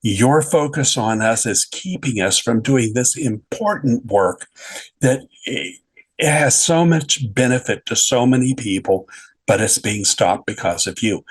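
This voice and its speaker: A man's voice: mid-range voice, unhurried, breathy edge, no echo, rough recording. A man voicing two stern young male spirits who scold insistently, quoted within his own story.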